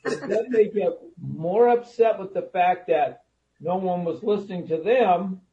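A man's voice: high voice, measured pace, warm tone. A man co-hosting a casual radio talk show, wry and storytelling as he banters. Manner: wry, storytelling, acts out grandma lines. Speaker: radio co-host. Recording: dull lo-fi sound.

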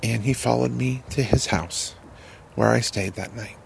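A man telling a personal testimony in a halting, earnest way, repeating words as he goes. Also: mid-range voice, creaky, a little hiss or hum. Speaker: person sharing a recovery story.

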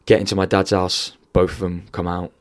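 A man telling a painful personal story in an interview, emotional and near tears, halting and swearing often. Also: sits low, flat delivery. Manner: candid, heavy swearing, halting restarts. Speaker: podcast guest.

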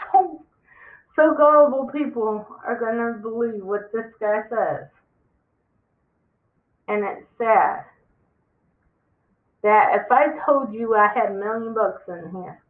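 Impassioned end-times monologue, emphatic repetition, echoey room. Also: mid-range voice. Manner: emphatic, preachy, repeats for stress. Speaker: religious vlogger. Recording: tinny phone-like sound in an echoey room.

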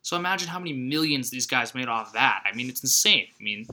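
A man's voice: mid-range voice, fast talker. A man co-hosting a podcast, chatting casually and animatedly about a film and acting out its lines. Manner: animated, acts out movie lines in put-on voices. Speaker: podcast co-host. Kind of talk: casual chat.

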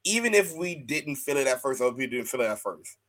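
Male podcast co-host, lively swinging pitch, loose and profane, laughs easily. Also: fast talker. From US West Coast. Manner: animated, swears freely, laughs often, slips into mock rants. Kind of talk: casual chat.

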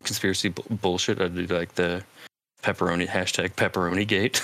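A man's voice: low-pitched, level tone, a little fast, fairly bright tone, no room sound. A man co-hosting a podcast in loose, joking chat, swearing and laughing often. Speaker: podcast co-host. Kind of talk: casual chat.

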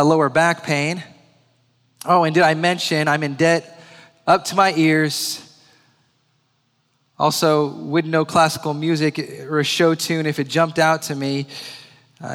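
A blunt, good-humored man calls out in a booming, fairly high voice, ribbing a newcomer, as a preacher plays him. A long reverb hangs on every word. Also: fairly bright tone. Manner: booming, teasing.

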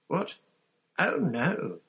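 Guy doing a high squeaky schoolgirl witch, stammery and frazzled, storybook style. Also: wildly swooping pitch, extremely slow, gravelly, a bit bright, heavily acted. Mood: distressed. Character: anxious, overworked schoolgirl witch.

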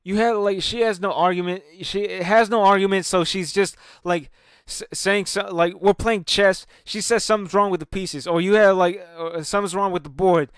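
A man's voice: sits high, steady tone, moderate pace, fairly bright tone, clear, resonant tone, no echo, clean studio sound. A man ranting casually to camera at home, heated and profane, rambling with many restarts about his stand-up comedy.

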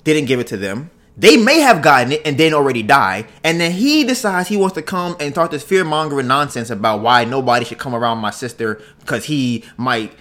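Guy on a podcast ranting through a story, slightly high voice, swings up and down a lot, keeps saying right. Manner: animated storytelling, ends phrases with "right?". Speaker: podcast host. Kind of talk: casual podcast monologue.

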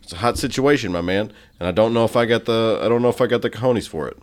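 A man co-hosting a podcast, pushing questions in animated, casual banter. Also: on the low side, quick pace. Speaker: podcast co-host.

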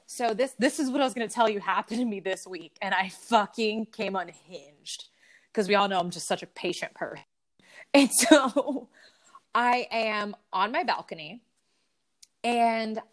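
A woman co-hosting a casual podcast, telling stories in an animated, swearing rant. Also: mid-range voice. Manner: animated storytelling with frequent swearing. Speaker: podcast co-host. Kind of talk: casual ranting chat.

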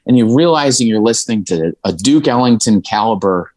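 Animated and fairly quick, this Indiana-born musician speaks in a lowish, slightly mellow voice on a dry recording. His candid storytelling as a guest is emotional and frank, peppered with profanity and laughing asides.

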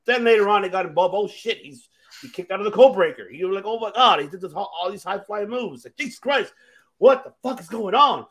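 Excitable man with lively, swooping pitch. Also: brisk. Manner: animated, excitable, swears freely. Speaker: podcast co-host. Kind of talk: casual wrestling chat.

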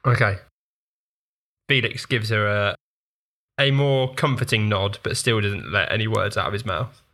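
Low, bright-voiced man playing a tabletop game. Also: measured pace. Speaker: player.

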